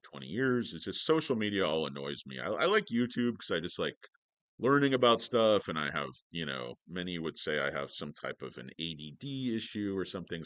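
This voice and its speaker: A man's voice: sits low, fairly bright tone, no echo. A man hosting a casual stock livestream from his home office, rambling and joking sarcastically with many fillers.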